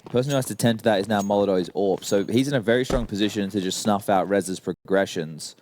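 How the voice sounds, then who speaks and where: A man commentating a live esports match, calmly breaking down tactics and the economy. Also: fairly low pitch, quick pace. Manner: analytical, explains tactics and economy. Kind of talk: play-by-play and analysis commentary. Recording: noisy broadcast with gunfire behind.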